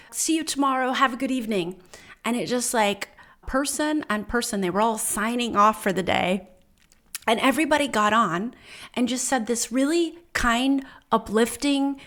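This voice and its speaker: A woman's voice: medium pitch, a bit bright. A woman in her forties telling a personal story to her viewers in a chatty, enthusiastic and heartfelt way. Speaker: vlogger.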